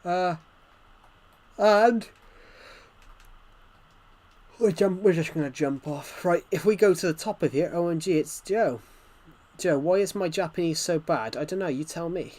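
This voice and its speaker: A man's voice: sits high, a little slow, pauses often, darkish tone. A man streaming gameplay live, rambling chattily and answering chat messages, his nose bothered by hay fever.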